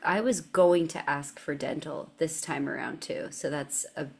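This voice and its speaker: Low-voiced woman with dry quips. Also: unhurried, gravelly, slightly rough. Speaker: podcast co-host. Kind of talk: casual banter.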